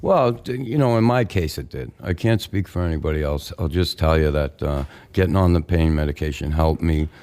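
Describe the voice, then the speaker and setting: A middle-aged man with a Boston accent, a guest on a radio show, speaking haltingly and reflectively with many fillers. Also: rumbling low, a little mellow. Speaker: guest, former hockey enforcer. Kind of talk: radio interview.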